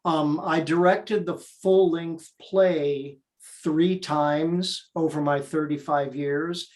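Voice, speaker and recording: An older man who has spent decades directing plays shares his memories as an interview guest. He talks slowly and with plenty of eager energy. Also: fairly high pitch. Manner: eager, animated storyteller. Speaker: theater director and performer.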